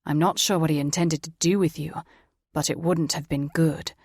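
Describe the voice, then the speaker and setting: Woman voicing a gruff male warrior, low and growly, dry booth sound. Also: fairly even intonation, moderate pace, darkish tone, no room sound.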